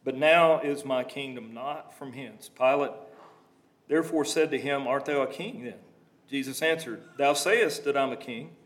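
A man's voice: medium pitch, moderate pace. A man preaching a sermon, reading scripture aloud and breaking into plain conversational asides to explain it.

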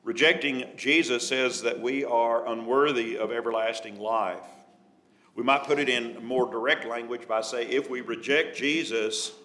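Male preacher, bright clear tone, measured delivery, reads scripture aloud. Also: mid-range voice, fairly even intonation. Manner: measured, reads scripture in King James wording. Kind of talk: Bible study sermon.

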